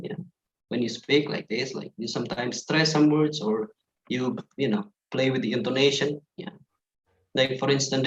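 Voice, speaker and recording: A man giving pronunciation tips in a chatty way, full of fillers, on a video call. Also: mid-range voice. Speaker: pronunciation presenter. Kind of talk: teaching tips on an online class call. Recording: echoey room, dull online call audio.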